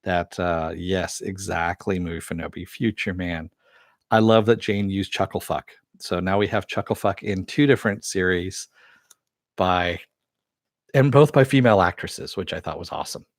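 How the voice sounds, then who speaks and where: Low-voiced man recapping a TV episode. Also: moderate pace, no room sound, studio quality. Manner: rambling, retells scenes loosely with fillers; swears freely. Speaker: TV show reviewer.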